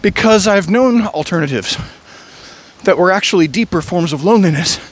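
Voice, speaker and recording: A man's voice: high voice, lively intonation, normal speed. Rambling, sighing man musing alone. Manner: musing, digressive, sighs often. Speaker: vlogger. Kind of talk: rambling solo monologue.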